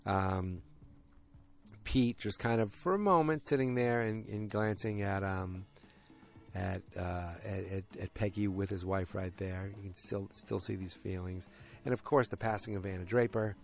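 A man's voice: lowish voice, a little slow, vocal fry. A man casually recapping a TV episode, rambling and often stopping to correct himself. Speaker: podcast host recapping a TV episode.

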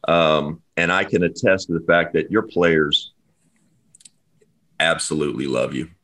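A middle-aged man hosts a podcast in a very low, deep voice. He speaks in a heartfelt, halting way, pausing often and choosing his words with feeling. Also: fairly even intonation, a bit bright. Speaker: podcast host. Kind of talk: podcast interview.

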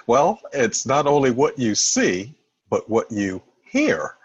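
A man talking as a guest expert over a video call, his delivery lively and swinging in pitch. His voice has a slightly husky edge, and the audio is dry and a bit dull, like compressed call sound. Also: slow pace, no echo. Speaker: body language and negotiation expert guest. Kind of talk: conversational interview.

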